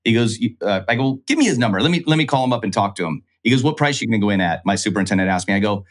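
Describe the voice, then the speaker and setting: A man's voice: lowish voice, racing. A man, a real estate investor guest, telling a business story in casual talk and acting out the voices of the people in it. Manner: animated, acts out quoted dialogue.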